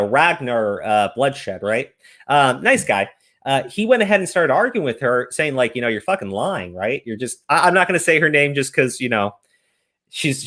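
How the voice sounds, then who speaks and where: Profane ranting man with lively pitch. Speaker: streamer. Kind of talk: casual stream commentary.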